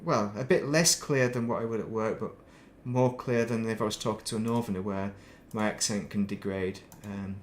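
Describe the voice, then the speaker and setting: Rambling man with soft northern English accent. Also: lowish voice, steady tone, normal speed, few pauses, slight background noise. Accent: northern English, softened. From northern England. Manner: rambling, thinks aloud, laughs at himself. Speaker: game streamer. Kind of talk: casual chat while playing.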